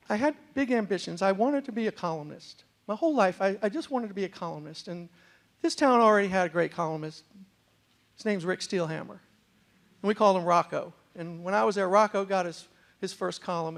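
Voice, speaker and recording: A middle-aged man tells a comic story to a university crowd. His voice sits high for a man and has a gravelly edge. His accent mixes New York with West Virginia, and he jumps into other people's voices with lively comic timing. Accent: mixed New York and West Virginia. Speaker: storyteller and motivational speaker. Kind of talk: humorous storytelling talk. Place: university lecture hall with a live audience.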